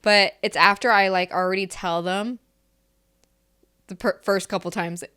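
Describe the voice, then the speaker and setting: A woman in her thirties co-hosts a relaxed podcast chat. Her voice sits at a middle pitch, and she breaks into laughter often as she tells stories about her kids. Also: measured pace, smooth. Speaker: podcast co-host. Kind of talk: casual chat.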